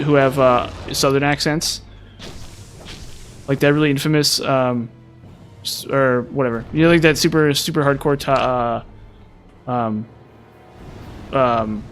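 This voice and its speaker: A man's voice: on the high side, fairly even intonation, measured pace, pauses often, a bit bright, soft background music. A man with a mild Utah accent, chatting casually with viewers on a live stream. He rambles, repeats words and uses many fillers. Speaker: gaming streamer.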